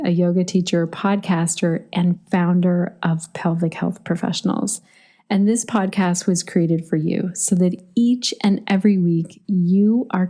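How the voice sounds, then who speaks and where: A woman's voice: lowish voice, warm tone. A middle-aged woman hosting a solo podcast, chatty and storytelling, laughing easily. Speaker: podcast host.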